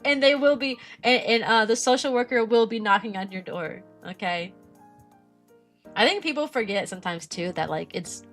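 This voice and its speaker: A young woman, a streamer who teaches kindergarten, chatting casually and animatedly about her work, often mimicking parents in a higher voice. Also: animated, moderate pace, soft background music. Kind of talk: casual chat.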